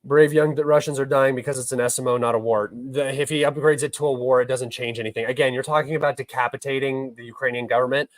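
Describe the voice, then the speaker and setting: A man's voice: mid-range voice, fairly even intonation, quick pace, hardly any pauses, no room sound, rough recording. A young man hosting a live stream, reading chat questions and answering them in a blunt, argumentative way, sometimes swearing. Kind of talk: heated live-stream commentary.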